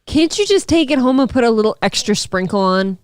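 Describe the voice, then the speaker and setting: Smooth-voiced teasing female co-host. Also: on the high side, expressive, brisk, no echo, studio quality. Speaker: show co-host. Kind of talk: casual live-stream chat.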